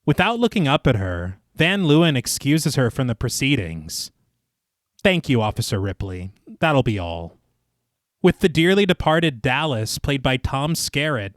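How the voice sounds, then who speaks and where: A fairly high-voiced man narrates a horror film scene by scene, his pitch swinging widely as he dramatizes each beat. He drops into a lower voice for quoted lines and breaks off for laughing asides. The sound is dry and close to the mic. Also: no room sound. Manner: dramatic storytelling, reads movie quotes in a lowered voice, laughs at his own jokes. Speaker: podcast co-host. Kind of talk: scripted film recap narration with casual asides.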